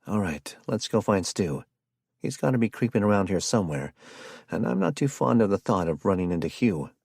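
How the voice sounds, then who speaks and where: Un hombre que hace de líder superviviente bromista. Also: male voice, on the low side, very animated, gravelly, darkish tone, breathy edge, no echo, clean studio sound, full character voice. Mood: wry. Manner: joking, quick to snap orders. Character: wisecracking male survivor leader, protective. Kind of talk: audiobook character voice.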